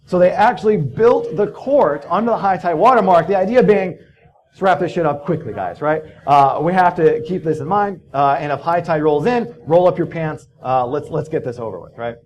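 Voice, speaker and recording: A man's voice: fairly high pitch, normal speed, hardly any pauses. A man giving a casual conference talk, telling stories in a loose, profane way with many fillers. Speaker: conference speaker. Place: conference hall.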